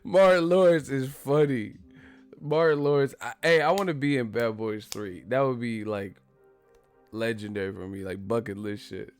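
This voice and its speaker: A man's voice: medium pitch, moderate pace, clear, resonant tone, soft background music. A man hosting a casual boxing live stream, talking loosely and profanely and reading out viewer messages. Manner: laid-back, profane, reads viewer messages.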